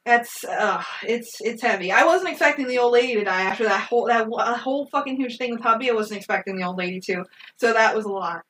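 A woman's voice: on the high side, fast, hardly any pauses, fairly bright tone, rough recording. A woman co-hosting a casual movie recap, blunt and laughing often, swearing freely.

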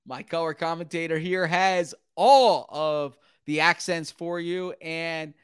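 A man delivering play-by-play football commentary with a smooth, resonant voice pitched on the high side. He keeps a brisk running call going and surges upward whenever a big play breaks. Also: dry recording, clean studio sound. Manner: brisk, rising sharply with excitement at big plays. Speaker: play-by-play announcer.

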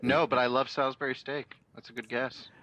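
A man's voice: mid-range voice, flat delivery, brisk, bright, forceful tone. A man co-hosting a casual podcast remotely through a call, making dry, matter-of-fact jokes. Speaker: podcast co-host. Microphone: remote call through a tablet.

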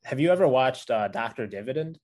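A man who runs an investing YouTube channel talks loosely and ramblingly, with many filler words, in a casual conversation with another creator. His medium-pitched voice is expressive, brisk and darkish in tone.

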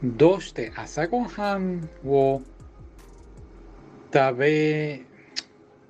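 A man's voice: a little high, expressive, slow pace, a little mellow, faint music behind, poor audio. A man working through a language app lesson, chatty and often repeating and correcting himself. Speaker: language tutor. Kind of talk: casual lesson walkthrough.

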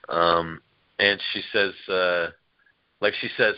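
This man's voice sits low, clear and resonant, and he speaks slowly as a podcast guest recounting family stories. He rambles, laughs and tells them vividly in a casual chat, on audio that is echo-free but dull.

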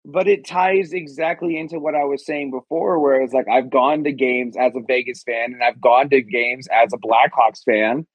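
A man's voice: medium pitch, steady tone, normal speed, few pauses, no room sound, muffled recording. A man co-hosting a podcast, talking in a casual, profane and emphatic way. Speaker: podcast co-host. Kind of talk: casual chat.

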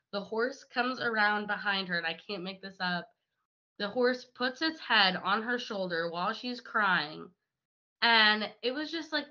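A young woman with a bright, forceful voice tells a story in an animated, chatty way, full of "like" and quick asides. She is heard over a video call whose audio sounds a little dull and lo-fi. Her tone is warm and conversational, and she talks like an instructor. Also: medium pitch. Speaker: riding instructor and horse manager, guest.

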